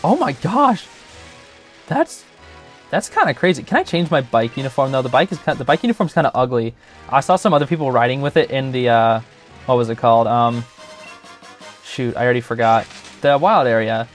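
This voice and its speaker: A man's voice: mid-range voice, lively intonation, brisk, faint music behind. A young man hosting a gaming channel, giving chatty, joking gameplay commentary full of filler words.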